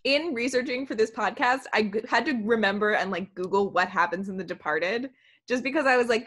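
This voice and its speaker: A young woman co-hosting a podcast, chatting casually and agreeably with quick asides. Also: on the high side, fairly bright tone. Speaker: podcast co-host.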